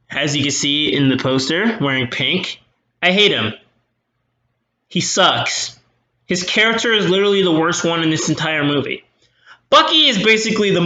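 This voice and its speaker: Snarky young reviewer, sharp bright tone, rambling fillers, roomy sound. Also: male voice, sits high. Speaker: movie reviewer. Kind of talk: sarcastic movie recap. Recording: roomy echo.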